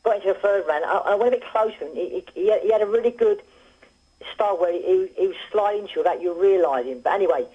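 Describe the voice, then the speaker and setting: A man's voice: high voice, fast talker, husky. A man, a former boxer, telling rambling stories as a phone-in guest on a radio show. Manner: rambling anecdotal storytelling with restarts. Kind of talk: casual phone interview. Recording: muffled phone line.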